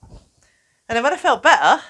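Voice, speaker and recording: A woman presenting an educational video for children, talking in a playful, animated way. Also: sits high, a little slow. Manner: animated, playful, acts out little voices.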